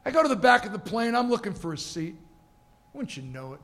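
A man's voice: sits high, very animated, a little fast, a bit bright, a little hiss or hum. A middle-aged man giving a humorous motivational keynote speech at a conference, telling stories and acting out the people in them. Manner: storytelling with comic asides and acted-out quotes. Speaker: keynote speaker. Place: conference stage.

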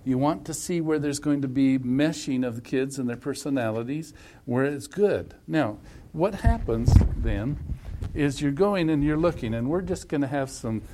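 A man leading a family workshop, coaching a couple in front of a group through animated, emphatic hypothetical scenarios. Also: mid-range voice, normal speed, a little hiss or hum. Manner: repetitive, emphatic phrasing.

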